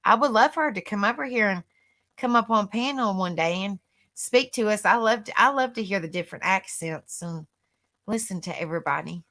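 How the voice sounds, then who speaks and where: A woman's voice: medium pitch, lively intonation, a little fast, pushed and bright. A woman hosting a live stream, chatting casually with her panel, repeating herself and laughing easily.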